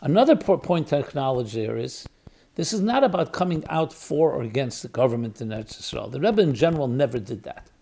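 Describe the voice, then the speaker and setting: In a warm, expressive voice of medium pitch, slightly fast and with vocal fry, a man who is a rabbi and podcaster gives a forceful lecture. He weighs arguments out loud, asks rhetorical questions and repeats key words for emphasis.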